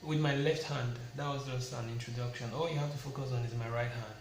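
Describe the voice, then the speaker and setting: A man teaching a piano lesson, explaining slowly step by step and naming fingers and notes. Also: mid-range voice, fairly even intonation, slight background noise. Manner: slow, step-by-step explaining, counting fingers and singing note names. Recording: echoey room with loud piano. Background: piano playing.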